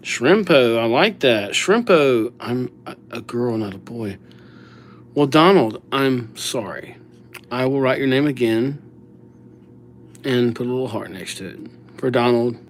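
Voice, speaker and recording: A man's voice: medium pitch, expressive, a little slow, slight background noise. A young man chatting casually with viewers during a live calligraphy stream, reading names aloud and joking at his own mistakes. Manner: chatty, self-mocking, reads viewer names aloud, acts out little scenes. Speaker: livestream calligrapher. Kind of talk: casual livestream chat with viewers.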